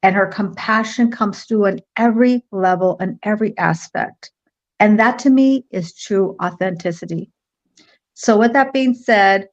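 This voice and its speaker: A woman hosting a live online talk show, bubbly and quick to laugh as she introduces her guest. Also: medium pitch, a little mellow, highs cut off. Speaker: host. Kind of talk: enthusiastic livestream chat.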